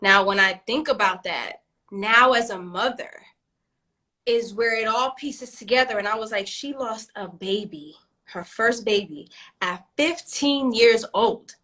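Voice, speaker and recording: Animated New York mom, bright voice. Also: female voice, fairly high pitch, measured pace. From East New York, Brooklyn. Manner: animated, swearing, acting out scenes with laughs. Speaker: podcast co-host. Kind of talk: casual chat.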